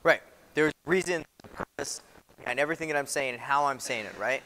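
A man's voice: medium pitch, quick pace, pushed and bright. A man teaching a class as a military instructor, talking conversationally and often checking in with "right?". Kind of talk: classroom lecture. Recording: long reverb in a hall-like room.

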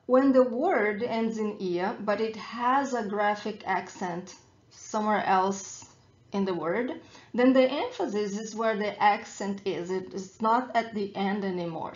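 A Brazilian woman with a Brazilian Portuguese accent, teaching a pronunciation lesson and saying each word slowly and deliberately so listeners can repeat. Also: medium pitch, reverberant, highs cut off. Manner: slow, deliberate modeling of words for repetition. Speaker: language teacher.

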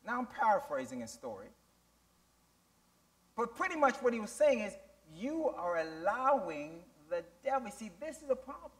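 A man's voice: high-pitched, very animated, moderate pace. A man pastor preaching a sermon to his church, using call-and-response questions and emphatic rising delivery.

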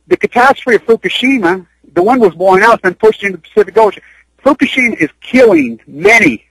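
A man's voice: sits high, fairly bright tone, breathy edge, no room sound, poor audio. Urgent rambling man on a radio call. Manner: urgent, rambling, repeats himself. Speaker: radio interview guest. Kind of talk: impassioned radio interview talk. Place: Utah.

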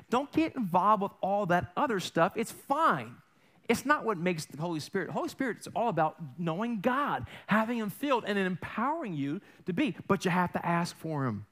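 An animated male pastor delivers a sermon from a church platform. His voice sits high for a man and leaps all over the place, swinging between hushed asides and bright bursts. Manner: animated, acts out family voices in quotes. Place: church sanctuary.

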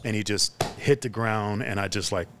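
A man telling stories in a casual podcast chat, animated, acting out the people in his stories. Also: fairly low pitch, moderate pace, background noise. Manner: animated storyteller who acts out the other people in his stories loudly. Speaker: podcast guest.

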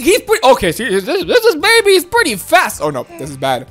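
Very high-voiced excitable woman. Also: fairly quick, few pauses, faint music behind. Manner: squealing, giggling, panicky outbursts. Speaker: gaming video host. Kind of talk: excitable gameplay commentary.

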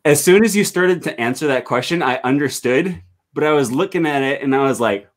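A man's voice: on the high side, lively intonation, fairly quick. A male host of a live stream, rambling with many fillers as he reads viewer comments aloud on a video call.

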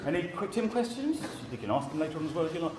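A man hosting a convention panel, putting quick follow-up questions to his guests in a large hall. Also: a little high, big pitch swings, noisy background. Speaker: panel host. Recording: echoey hall with audience.

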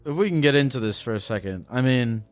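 Host: mid-pitched man, animated and swooping, blunt and profane with callers. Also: quick pace, faint music behind. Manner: blunt, profane, pressing questions. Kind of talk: call-in advice show.

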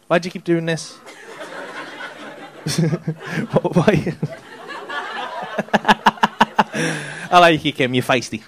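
Slightly high and fairly bright, a male comic's voice carries through a noisy live recording from a comedy club as he works the crowd, teasing audience members with profanity-laced banter while laughter rises in the background.

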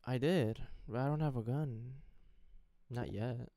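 A young man commenting casually as he plays through a horror game, reacting out loud, swearing and talking to the screen. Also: mid-range voice, measured pace, noisy background. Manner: jumpy, swearing, talks to the game. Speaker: gaming streamer. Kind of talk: let's play commentary.

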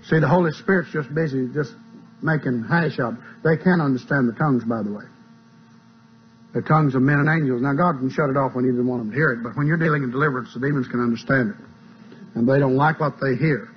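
A man's voice: medium pitch, fast talker. A man preaching a sermon in a folksy, plain-spoken teaching manner, on a dull lo-fi tape with a mains hum.

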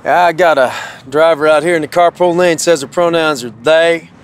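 A man's voice: fairly high pitch, moderate pace. A man playing a flustered, overly sensitive traffic police officer in a comedy sketch.

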